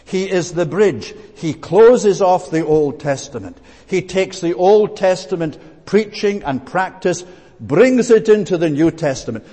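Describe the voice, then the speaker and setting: A man's voice: fairly high pitch, darkish tone, husky. A man preaching a sermon, earnest and emphatic, with frequent "eh" fillers and restarts. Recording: long hall reverb.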